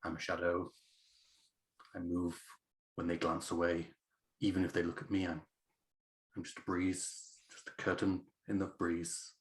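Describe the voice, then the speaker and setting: A man's voice: completely flat delivery, measured pace, long pauses. A man muttering as a sneaking assassin. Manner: low muttered self-talk. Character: stealthy male assassin muttering to himself.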